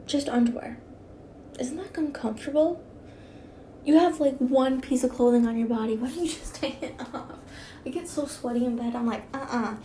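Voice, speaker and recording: A woman's voice: on the high side, brisk, few pauses, warm tone, slight background noise. A young woman with a slight lisp, reading fanfiction aloud with rambling, giggly asides and stumbling over words. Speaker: fanfiction reader.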